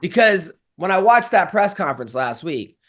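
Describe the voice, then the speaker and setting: A man's voice: high voice, sing-song, moderate pace. A man co-hosting a podcast, chatting in a rambling, profane, jokey way and doing a playful ad read. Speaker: podcast co-host. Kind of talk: casual podcast chat with ad read.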